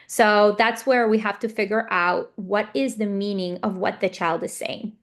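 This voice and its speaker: Woman, speech therapist, parent training, example-driven explanation, frequent fillers, mid pitch. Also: steady tone, normal speed. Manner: explanatory, repeats points with example scenarios. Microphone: video call.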